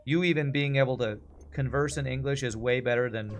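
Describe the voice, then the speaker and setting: A game streamer from Texas, USA, in his forties talks with an American accent at a medium pitch and a fairly quick pace. Chatty and rambling, he gives casual game commentary and reads chat aloud, with slight background noise and faint game music.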